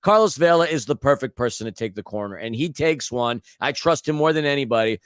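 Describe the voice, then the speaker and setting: A man's voice: mid-range voice, expressive, a little fast, smooth, no echo. A man co-hosting a podcast, recapping a soccer match in casual chat with blunt rants and sarcastic asides. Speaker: podcast co-host.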